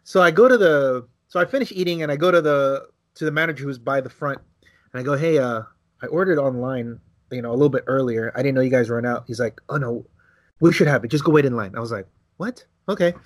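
A man co-hosting a podcast, telling a casual story, acting out quotes with big jumps in his voice and swearing freely. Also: fast talker. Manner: animated, acts out quotes with big pitch jumps. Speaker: podcast co-host.

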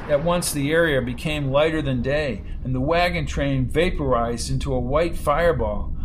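A male audiobook narrator reads a dramatic science fiction story in a measured, steady way. His voice sits somewhat higher than usual for a man. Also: noisy background. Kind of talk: scripted narration.

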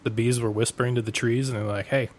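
A man's voice: mid-range voice, flat delivery, fast talker. A man co-hosting a casual podcast, making dry wisecracks in loose banter. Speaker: podcast co-host.

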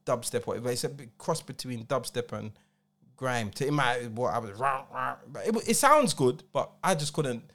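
A man's voice: medium pitch, normal speed. A man in his forties with a London accent, co-hosting a podcast and telling stories in casual chat, acting out quotes in slang. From England. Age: 40s. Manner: animated storytelling, acts out quotes in slang. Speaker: podcast co-host and DJ.

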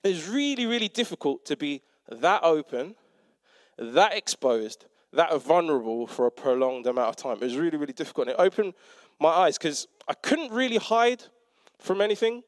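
Lively self-mocking man preaching. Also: a little high, moderate pace, no room sound, studio quality. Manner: animated, self-mocking, acts out quotes. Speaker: preacher and teacher. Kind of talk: conversational sermon storytelling.

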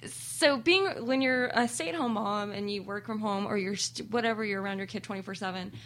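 A woman's voice: medium pitch, brisk, fairly bright tone. A young woman co-hosting a podcast, talking frankly in casual chat, swearing and laughing often.

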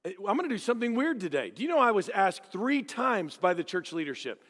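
Animated middle-aged preacher, reverberant hall. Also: male voice, high-pitched, a little fast. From Dallas, Texas. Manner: joking, animated storytelling with acted-out voices. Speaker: guest preacher. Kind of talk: storytelling sermon. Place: church sanctuary.

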